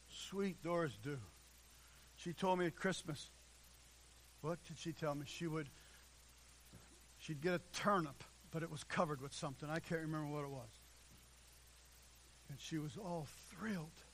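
Man, pastor, sermon, high-pitched, impassioned, church. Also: unhurried, long pauses, a little hiss or hum. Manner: impassioned preaching, swinging between loud and hushed. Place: church sanctuary.

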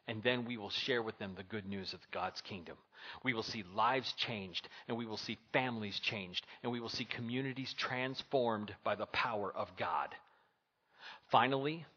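A man preaching a sermon with dramatic pauses, dropping to a hush at times. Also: medium pitch, dull audio. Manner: preaching with dramatic pauses and hushed softer passages. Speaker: pastor.

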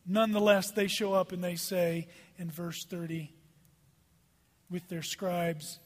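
A male pastor preaching a sermon, emphatic and animated, sometimes dropping to a hushed voice. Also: high voice, takes it slowly, long pauses. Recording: hall reverb.

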